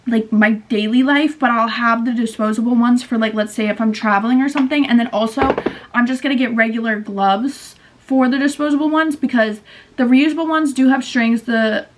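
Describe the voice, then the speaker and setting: A young woman in her twenties talks straight to camera in a loose, rambling vlog. Her voice sits a little high, and her chat runs on with constant fillers and self-corrections. She sounds worn out and low on energy. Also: fairly even intonation, brisk, a little hiss or hum. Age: 20s. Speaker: vlogger.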